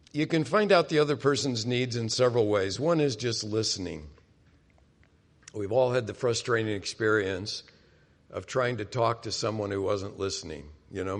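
Conversational male pastor in reverberant hall. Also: medium pitch. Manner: conversational, addresses the congregation directly. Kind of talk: sermon.

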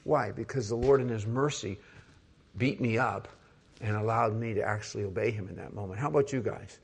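Older man, pastor, conversational sermon, rhetorical questions, hushed when retelling personal moments. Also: on the low side, brisk, vocal fry, husky.

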